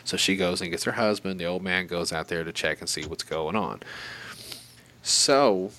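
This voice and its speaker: A man's voice: sits low, normal speed, bright, forceful tone, a little hiss or hum. A man telling a long story in casual, profane and rambling chat.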